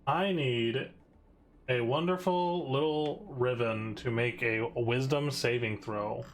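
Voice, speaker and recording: A man running a tabletop game as game master, briskly narrating and calling rolls and rules. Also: mid-range voice. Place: home setup, online live stream.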